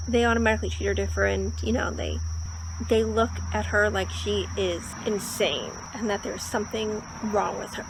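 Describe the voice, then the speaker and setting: A woman's voice: a little high, background noise. Earnest woman book vlogger, crickets behind. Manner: earnest, gets worked up when discussing the book. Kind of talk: casual vlog talk to camera.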